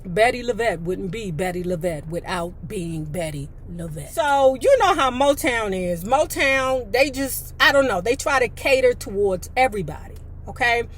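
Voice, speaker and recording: A woman's voice: medium pitch, expressive, moderate pace, few pauses. A woman reading a memoir aloud, breaking in with chatty, blunt asides and mild cursing. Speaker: storyteller.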